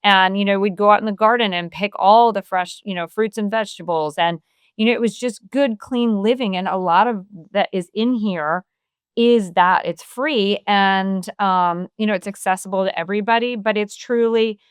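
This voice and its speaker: A middle-aged woman speaks as a podcast guest, in an earnest and open way that leans on filler phrases. Her tone is smooth and clean. The sound is close and dry, with no room around it. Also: medium pitch, moderate pace, no room sound. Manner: earnest, open, many "you know" fillers. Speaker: podcast guest, wellness author. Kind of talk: casual conversational interview.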